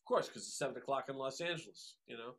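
Bright-voiced man telling animated stories. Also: mid-range voice, very fast. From New York area. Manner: animated, full of fillers and acted-out quotes. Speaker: guest musician. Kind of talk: casual storytelling.

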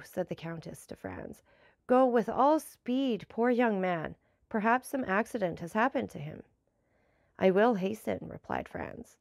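Woman reading a classic novel, slight fry. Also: darkish tone, no room sound, studio quality. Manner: measured, lightly varies pitch for dialogue. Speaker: audiobook narrator. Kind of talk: classic novel read aloud, voicing characters lightly.

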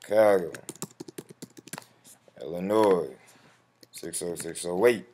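Man, very low voice, relaxed street-slang delivery, walks viewers through a form over keyboard clicks. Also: slow pace, slight background noise. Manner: slangy, addresses viewer as bro; profane when flustered. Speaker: tutorial host. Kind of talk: casual screen-recorded walkthrough. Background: keyboard typing and mouse clicks.

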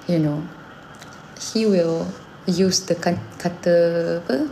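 A Malaysian woman in her thirties chats casually in a low, warm, mellow voice. She tells lively stories and slips between English and Malay mid-sentence. A faint hiss sits behind her. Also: slow, gravelly. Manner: animated storytelling, acting out her son's lines. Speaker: singer and mother. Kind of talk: casual chat.

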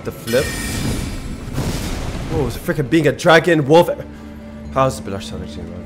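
A young man streaming a video game, narrating his play with exasperated mutters that break into loud outbursts, game music behind him. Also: mid-range voice, big pitch swings, moderate pace, pauses often. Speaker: gaming streamer. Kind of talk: live gameplay commentary.

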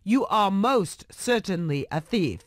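A woman's voice: medium pitch, animated, slow pace, dry recording, studio quality. A woman voicing a stern male courtroom judge who speaks in a cold, accusing way, in a storybook reading.

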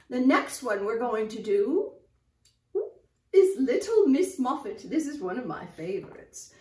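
An older woman leads young children through nursery rhymes in a high, very lively sing-song voice, taking her time. She sounds a little distant in an echoey room. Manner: animated, sing-song, talks to children as "my friends". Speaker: children's storyteller in costume.

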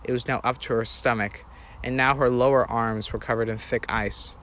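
A man's voice: mid-range voice, steady tone, normal speed, a bit bright, slight background noise. Earnest man narrating a story. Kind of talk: first-person story narration.

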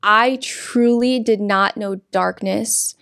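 Young woman telling her story earnestly, lots of restarts, gravelly fry, super dry sound. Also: medium pitch, steady tone, slow, fairly bright tone, no room sound. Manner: earnest, frequent restarts and repeated words. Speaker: interview guest. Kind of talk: earnest testimony in conversation.

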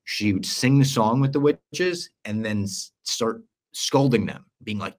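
Lively young man recapping a show. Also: lowish voice, normal speed. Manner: animated storyteller, acts out quoted lines. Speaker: podcast co-host. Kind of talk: casual podcast chat, recapping a show.

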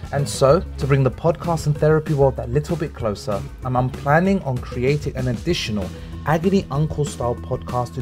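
A young man co-hosting a podcast, earnest and measured as he talks about his work as a therapist. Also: medium pitch, a little mellow. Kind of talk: casual chat and scripted promo.

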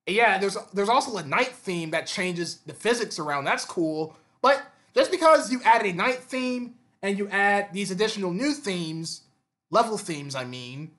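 High, bright-voiced man ranting. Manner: frequent stammering and repeated words; exasperated rhetorical questions. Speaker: gaming commentator. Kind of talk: unscripted opinion monologue.

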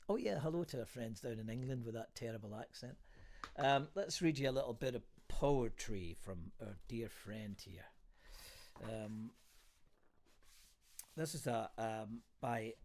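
A man vlogging in a casual, self-deprecating way, reading poems aloud slowly and thoughtfully with hesitant fillers. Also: mid-range voice. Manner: slow, reflective, soft-spoken with hesitant fillers.

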